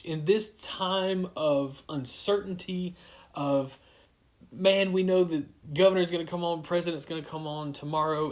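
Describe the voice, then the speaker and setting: Speaking in a voice on the high side, a youth pastor leads a casual devotional over livestream. His delivery halts often, full of fillers and false starts.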